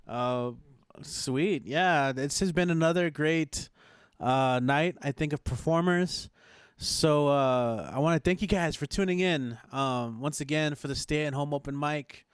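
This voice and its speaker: Male open mic host, casual and thankful, smooth clear voice, dry close mic. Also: on the high side, measured pace, no echo. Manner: laid-back, grateful, rambling. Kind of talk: casual closing remarks. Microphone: video call.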